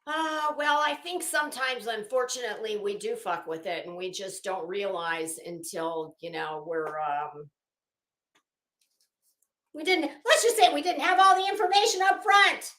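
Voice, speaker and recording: A chatty middle-aged woman with a Florida Southern accent hosts a casual livestream, greeting each viewer by name and cursing now and then. Her voice sits a little high for a woman. The sound has the echo of a roomy space. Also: expressive, measured pace, fairly bright tone. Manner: chatty, frank, swears freely, greets chat by name. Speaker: livestream host.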